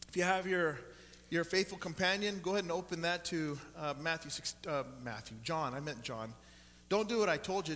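A man's voice: high-pitched, pushed and bright. A man in his forties preaching as a pastor in a church, folksy and joking with the congregation. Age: 40s. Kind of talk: sermon. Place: church sanctuary. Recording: long church hall reverb.

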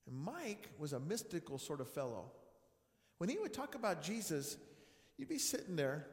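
A high-voiced man preaches with lively, swooping pitch, telling stories and acting out dialogue. He swings from loud bursts to near-whispers. The sound carries a long, echoing reverb from a church hall. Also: moderate pace. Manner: animated, acts out dialogue, swings loud and soft. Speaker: pastor. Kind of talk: storytelling sermon. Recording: echoey room with long reverb.

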